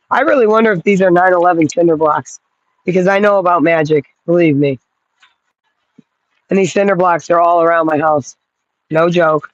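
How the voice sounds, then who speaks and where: A woman's voice: fairly low pitch, normal speed, pauses often, no echo, highs cut off. A woman vlogging from her yard in a loose, rambling way, cooing at dogs and swearing casually. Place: outdoors in a yard.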